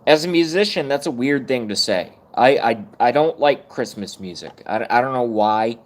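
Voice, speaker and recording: A man in his thirties, live streaming, goes on a loose, rambling rant full of swearing and jokes at his own expense. His voice sits at a medium pitch and moves at a normal speed, sounding animated throughout.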